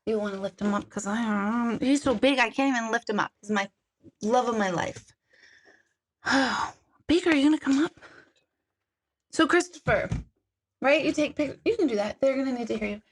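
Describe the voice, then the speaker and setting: A middle-aged woman hosts a livestream from her home, her voice sitting a little on the high side. She rambles in a chatty, self-mocking way and talks straight to her viewers. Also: moderate pace, pauses often. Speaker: host of an intuitive reading livestream. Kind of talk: casual livestream chat.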